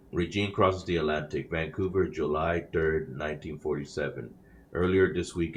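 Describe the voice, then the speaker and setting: A man's voice: rumbling low, slight background noise. A man playing a game, reading in-game newspapers aloud with casual comments, often stumbling over words and correcting himself mid-sentence. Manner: self-conscious about reading aloud. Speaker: gamer playing a game on his channel.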